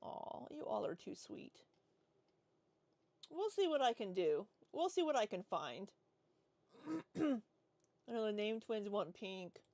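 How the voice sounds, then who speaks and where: Woman in her forties, slow unhurried talk, dry close sound, casual livestream chat, rambling. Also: medium pitch, very animated, darkish tone, no echo. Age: 40s. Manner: rambling, reads chat aloud and answers. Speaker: livestream host.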